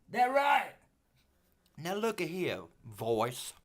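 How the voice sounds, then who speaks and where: A middle-aged man ranting in a put-on gruff tough-guy voice, profane, boastful and loud, trash-talking a rival fan in a video. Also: sits high, huge pitch swings, extremely slow. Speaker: sports fan vlogger.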